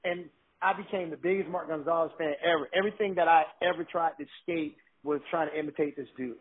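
A man telling excited stories in a casual chat, often restarting his sentences. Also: fairly high pitch, fast. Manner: excited, animated storytelling with restarts. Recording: thin phone-like line.

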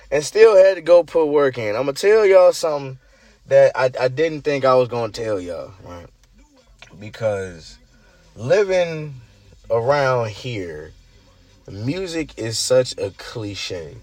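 A man with a hoarse, groggy voice, hosting his own show and telling a story in casual chat, swinging between loud hype and murmurs. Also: medium pitch, no room sound. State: hoarse, lost voice. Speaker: show host.

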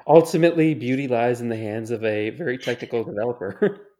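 A young man with a mid-pitched voice chats casually on a podcast over a remote call from home. His delivery is dry and sarcastic. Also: a little fast, warm tone. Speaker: podcast co-host. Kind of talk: casual chat.

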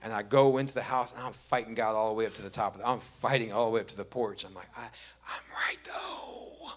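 Storytelling pastor preaching a sermon. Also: male voice, fairly low pitch, steady tone, very fast. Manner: conversational storytelling, rising to emphatic repetition.

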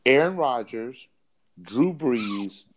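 A man's voice: mid-range voice, expressive, slow pace. A man co-hosting a sports podcast, arguing a point with emphatic, repeated words. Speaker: podcast co-host. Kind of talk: sports debate.

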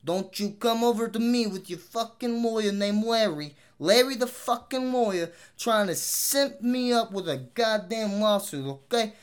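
A man's voice: sits high, lively intonation, measured pace, few pauses, clean tone, pitched above the performer's own voice. A man voicing a tough-talking male New York mobster type in a thick put-on New York accent, swaggering, threatening and swearing heavily. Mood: menacing.

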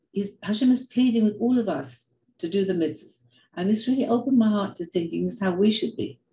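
An older woman giving a heartfelt personal talk, telling stories in an earnest, animated way and often repeating words. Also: on the low side, reverberant, rough recording. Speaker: speaker sharing reflections.

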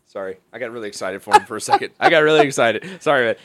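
A man's voice: medium pitch, animated, racing, very noisy. A young man, a stand-up comedian, telling stories in a casual chat, rambling with restarts, swearing and laughing. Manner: profane, rambling storytelling with frequent restarts and laughs. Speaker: stand-up comedian, podcast guest. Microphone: studio microphone.

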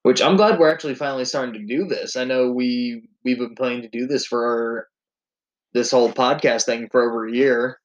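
A man's voice: mid-range voice, a little fast, dull audio. A man hosting a podcast in casual chat, easygoing and enthusiastic about recommendations. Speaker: podcast host.

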